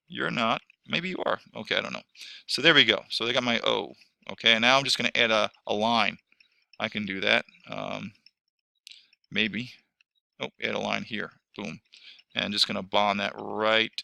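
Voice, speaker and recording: A man's voice: lowish voice, gravelly, bright, forceful tone, dry recording. A man teaching a screen-recorded lesson, rambling and correcting himself as he talks through each step.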